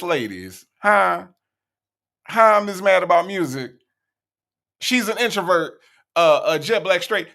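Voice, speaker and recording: A man's voice: fairly high pitch, lively intonation, unhurried, gravelly, fairly bright tone. A man hosting an online show, reacting to a clip with teasing, incredulous commentary and reading out viewer comments. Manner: incredulous, teasing, reading chat names aloud. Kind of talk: casual commentary.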